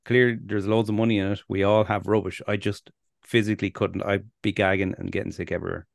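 A man's voice: lowish voice, quick pace, vocal fry, no echo. Irish man in dry casual chat. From Ireland. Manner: animated, swearing, laughing. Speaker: podcast co-host.

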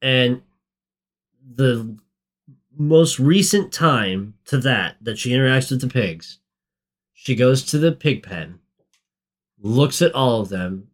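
A man in casual podcast chat, exasperated and profane, often climbing to loud, high outbursts. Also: lively intonation, takes it slowly, long pauses. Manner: exasperated, profane, rising to near-shouts. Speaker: podcast co-host.

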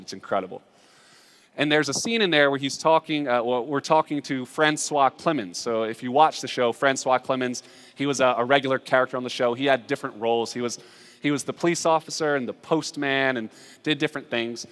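A man preaching a sermon, swinging between loud emphatic lines and hushed asides. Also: medium pitch, a little fast, smooth, big-room sound. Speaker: pastor.

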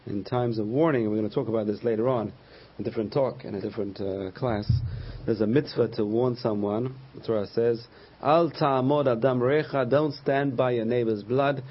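A man's voice: mid-range voice, husky, highs cut off. A man teaching a Torah class as a rabbi, telling stories and acting out the voices of the people in them. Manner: storytelling, acts out quoted voices.

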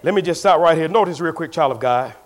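A man pastor preaching a sermon in a church, moving from quiet storytelling to shouted call-and-response. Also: on the high side, quick pace.

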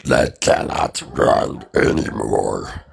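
A man voicing a menacing fart villain in a slow, ominous, theatrical way. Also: very deep voice, animated, a little hiss or hum, full character voice. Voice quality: gravelly. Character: menacing mighty fart, deep booming villain.

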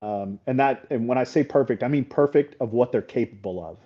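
A middle-aged paintball coach talking as a podcast guest, candid and blunt, swearing freely and often checking in with "right?". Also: male voice, medium pitch, fairly quick. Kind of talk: casual interview talk. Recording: slightly dull podcast audio.

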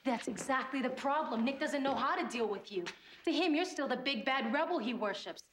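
A woman's voice: sits high, expressive, fairly quick, slight background noise. A blunt scolding rocker girlfriend. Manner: sharp, lecturing. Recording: roomy TV episode clip.

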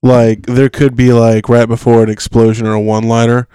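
A man on a casual podcast, throwing in quick jokes and asides. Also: medium pitch, little pitch movement, dark tone, smooth, no echo, clean studio sound. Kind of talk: casual group chat. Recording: noisy background.

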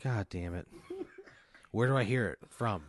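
A man's voice: lowish voice, a little slow, slight background noise. A young man on a comedy podcast, reacting with mock despair and constant swearing as he plays along. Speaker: podcast co-host answering the hypothetical. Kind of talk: improvised comedic banter.

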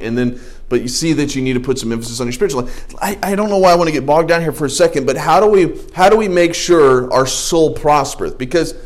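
A man, a pastor, preaching a casual, folksy sermon full of jokes, asides and restarts. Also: medium pitch. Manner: folksy, joking, conversational preaching with many restarts.

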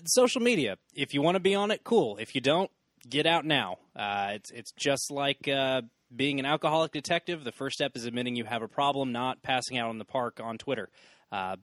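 A man's voice: mid-range voice, dry recording. A man co-hosting a podcast, chatting casually and sarcastically about a bad movie. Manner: animated, sarcastic, mock-shouts at characters. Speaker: podcast co-host. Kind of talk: casual movie review chat.

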